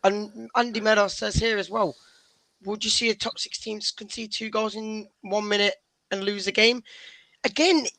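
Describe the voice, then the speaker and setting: A man's voice: sits high, fairly even intonation, normal speed, creaky, pushed and bright, no echo, rough recording. A man talking football casually on a fan show, hesitant and restarting his sentences.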